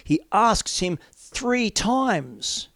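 A middle-aged man preaching a sermon, swinging from loud declarations to hushed, near-whispered lines. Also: high voice, big pitch swings, drawn-out words, no echo, clean studio sound.

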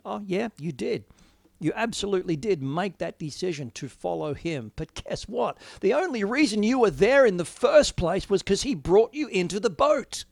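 A man giving an earnest, reflective sermon, moving from hushed musing to emphatic declarations. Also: high-pitched, expressive, moderate pace, vocal fry, dry recording, clean studio sound. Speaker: preacher. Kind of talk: informal sermon, devotional talk.

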